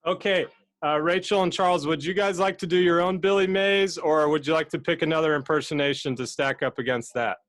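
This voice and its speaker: A man hosting a live game show over a video call, talking in a relaxed, chatty way with plenty of fillers. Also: fairly high pitch, brisk, dry recording.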